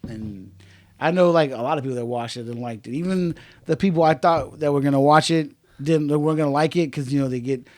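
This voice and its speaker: Man, podcast co-host, casual chat, slightly high voice, laid-back, says "dude" a lot, loud high quoted voices. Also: fast talker, dry recording. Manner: acts out other people's lines in loud, high voices.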